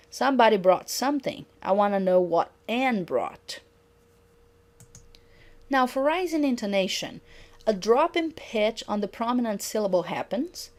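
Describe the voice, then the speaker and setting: A woman's voice: fairly high pitch, darkish tone. Woman lecturing on intonation. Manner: reads example sentences slowly and clearly. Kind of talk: recorded lecture on pronunciation.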